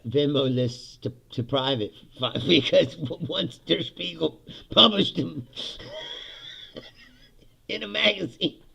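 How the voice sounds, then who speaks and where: Brief: gravelly male host, high and animated, sarcastic political rant with frequent laughs. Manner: sarcastic, laughing often, profane.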